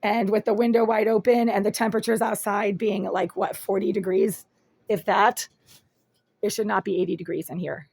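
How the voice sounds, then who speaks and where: A raspy-voiced woman filming a first-person complaint video in a small apartment room on a handheld phone, talking in an aggrieved, detailed and insistent way. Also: mid-range voice, steady tone, moderate pace, a little mellow, dry recording. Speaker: vlogger.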